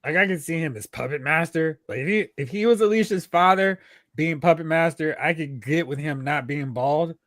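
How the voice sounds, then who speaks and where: A man chatting casually about a film with friends, giving opinions in relaxed banter. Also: a little high, moderate pace, no room sound, studio quality. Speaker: co-host. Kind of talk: casual chat.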